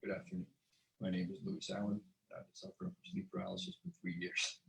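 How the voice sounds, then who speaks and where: An actor playing a troubled man who suffers from sleep paralysis, introducing himself quietly and formally in a film clip. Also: on the low side, big pitch swings, fast talker, vocal fry, full character voice, low-quality recording. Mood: subdued.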